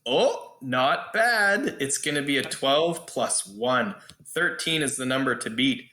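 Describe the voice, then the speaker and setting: Slow-talking game master in an echoey room. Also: male voice, mid-range voice, expressive, bright, forceful tone. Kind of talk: narrating a tabletop game.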